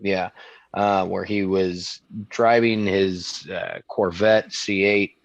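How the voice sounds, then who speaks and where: Low-voiced man rambling in casual podcast chat. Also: steady tone, slow pace, gravelly, dry recording, highs cut off. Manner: rambling, restarts a lot. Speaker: podcast co-host.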